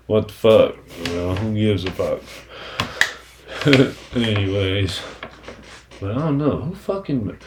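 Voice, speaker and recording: Low-voiced man cursing through a rambling monologue. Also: a little hiss or hum. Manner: profane, rambling, conversational; frequent "you know what I'm saying" fillers. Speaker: podcast host. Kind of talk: casual solo monologue.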